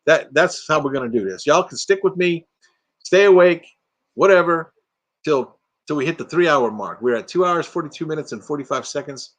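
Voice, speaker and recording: A man's voice: a little high, lively intonation, moderate pace. A retired man in his sixties hosting a casual late-night live stream from inside an RV, sleepy and playful, rambling and slipping into silly put-on voices.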